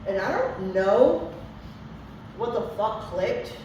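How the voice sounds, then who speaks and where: A woman's voice: medium pitch, expressive, takes it slowly, a little mellow, highs cut off, a little hiss or hum. Woman, candid profane recovery testimony, distant mic, echoey meeting room, faint ambience. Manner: candid and profane, frequent fillers. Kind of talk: personal testimony to a group.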